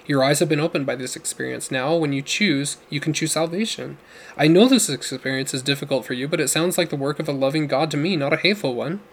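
A man voicing a young male missionary who speaks in a calm, consoling way. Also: a little high, fast talker, slight background noise, close to an everyday voice.

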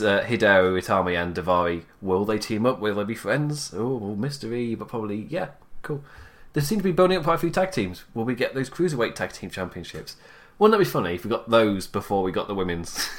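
A young man with a slightly low voice gives a casual spoken recap. He keeps it loose and chatty, laughs often, and acts out quoted lines in playful mock voices. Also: a bit bright. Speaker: wrestling show reviewer.

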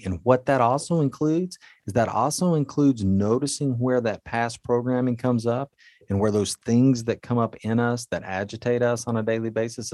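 A man with a very low, deep voice gives relationship advice in a motivational talk. He coaches earnestly and speaks straight to his listeners. The sound is dry and close, with no room echo. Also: darkish tone.

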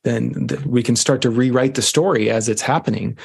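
A man's voice: mid-range voice, fairly quick, creaky, darkish tone, husky. A man speaking as a podcast guest, giving reflective relationship advice in a casual, loose way with fillers. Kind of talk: casual conversation.

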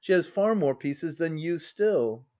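A man voicing a gentle, fretful young woman with a light, chiding manner, on a dull lo-fi audiobook recording. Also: sits low, lively intonation, unhurried.

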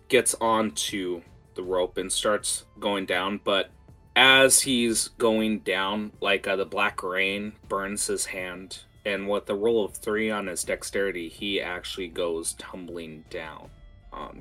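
A man running a tabletop game as game master, talking in a lively, rambling way with fillers. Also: on the low side, slow, soft background music.

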